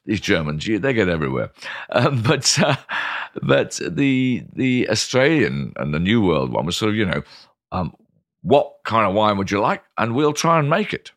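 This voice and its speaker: An older British man, a guest in an interview, telling lively anecdotes full of ums and restarts. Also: fairly low pitch, normal speed, dry recording, studio quality. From Britain. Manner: animated, lots of ums and restarts. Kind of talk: anecdotal storytelling.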